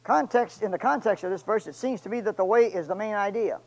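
A man preaching a sermon in church, swinging from loud shouts to near whispers, with joking asides to the congregation. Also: high-pitched, fast, dull audio. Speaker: pastor. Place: church sanctuary.

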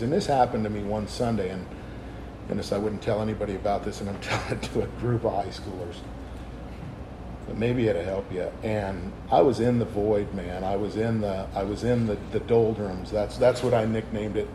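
A man's voice: lowish voice, normal speed. A man in his forties giving a candid, rambling testimony sermon to young people, often stopping to restart his sentences. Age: 40s. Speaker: youth speaker. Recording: steady background noise.

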